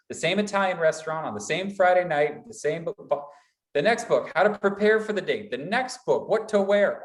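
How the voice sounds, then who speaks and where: A man presenting a motivational workshop, talking in lively repeated lists like a college instructor. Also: on the high side, echoey room. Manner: animated, builds repetitive lists.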